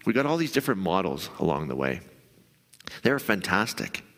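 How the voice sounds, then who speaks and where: A male pastor giving a conversational sermon, now and then acting out the voice in your head in a higher, pushier tone. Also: big pitch swings, moderate pace, fairly bright tone, in a large hall. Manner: conversational, acts out inner voices in a raised pitch.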